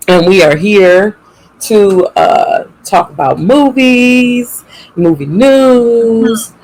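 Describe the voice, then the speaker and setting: A podcast co-host talking casually, playful and expressive, growing animated on feelings. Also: medium pitch, very slow, poor audio. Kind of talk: casual chat.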